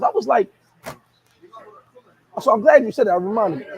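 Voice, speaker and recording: A man, chatting casually as a vlogger, reading viewer comments and telling stories in an animated, laughing, slangy way. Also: high-pitched, normal speed, vocal fry, pauses often, poor audio. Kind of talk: casual chat.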